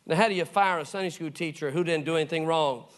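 A middle-aged man preaching with a somewhat high voice. He tells his stories with animation, playing out each voice and sinking into soft, low tones when the story turns tender. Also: quick pace. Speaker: pastor. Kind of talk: sermon storytelling.

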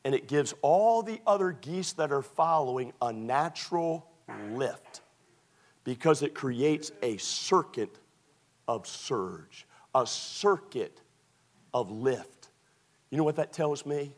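A man preaching a sermon as pastor, moving from quiet storytelling to shouted exhortation. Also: mid-range voice, animated, takes it slowly.

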